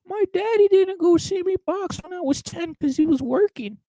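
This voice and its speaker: A man's voice: very high voice, expressive, moderate pace, dark tone, no room sound, pitched above the performer's own voice. A man voicing a whiny, spoiled young male boxer who complains about his childhood. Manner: whining, sing-song mockery.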